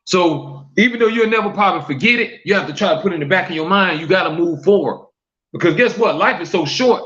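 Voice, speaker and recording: A man's voice: sits high, animated, quick pace, fairly bright tone, highs cut off. A man hosting a live-streamed talk show, repeating questions to his viewers, reading their comments aloud and preaching about forgiveness.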